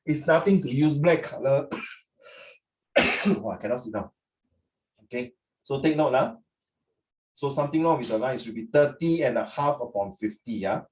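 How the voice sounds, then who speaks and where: A middle-aged man with a Singaporean English accent, giving chatty, lively feedback to students in an online class and mixing in Chinese phrases. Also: mid-range voice, moderate pace, long pauses. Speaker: tutor. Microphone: computer mic on a video call. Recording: echoey room.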